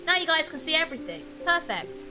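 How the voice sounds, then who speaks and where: A woman's voice: on the high side, measured pace. A British woman chatting casually to her viewers while streaming a game. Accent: British English. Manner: chatty, talks to chat while playing. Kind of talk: casual live-stream chat. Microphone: desk mic with webcam. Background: game music.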